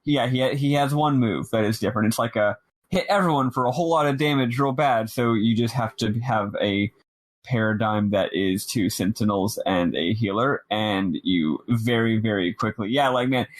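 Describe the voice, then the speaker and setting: A man co-hosting a casual game podcast, animated and laughing often, with quick asides. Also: lowish voice, no room sound. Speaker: podcast co-host. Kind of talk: casual chat.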